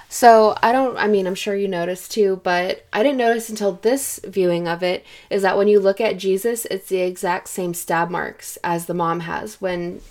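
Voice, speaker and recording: A woman's voice: medium pitch, fairly even intonation, normal speed, darkish tone. A woman with a mid-range voice joins a casual film discussion. She sounds conversational and observant.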